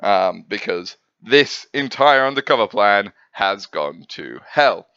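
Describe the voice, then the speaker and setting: Man doing a deadpan captain, low, slow, lo-fi. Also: clean tone, no room sound, heavily acted. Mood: dry. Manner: flat, offhand paraphrase.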